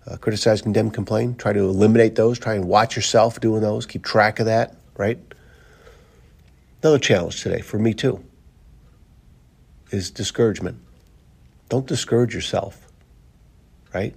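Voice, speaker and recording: A man's voice: fairly low pitch, moderate pace, gravelly, pauses often, darkish tone, husky. A man hosting a daily motivational podcast, talking earnestly in a rambling, casual way with many fillers and repeated phrases. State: briefly choked up. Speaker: motivational podcast host, coach. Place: driving to work, in a car.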